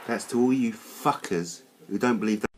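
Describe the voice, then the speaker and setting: A man delivering a furious, swearing rant as host of his own channel, dropping to low growls and then bursting out high. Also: normal speed, background noise. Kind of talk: angry rant to camera.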